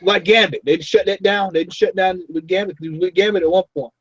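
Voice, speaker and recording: A man hosts a loose roundtable, his voice a touch high and husky. He talks in animated, repetitive bursts. The audio is dull and lo-fi. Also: fast talker, no room sound. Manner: animated, laughing, repeats words often. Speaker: podcast host. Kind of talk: casual roundtable chat. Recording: dull lo-fi recording.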